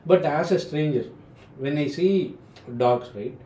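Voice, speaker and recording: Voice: mid-range voice, measured pace, dark tone. An interviewer, asking hesitant questions as they think aloud. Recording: echoey room, faint noise.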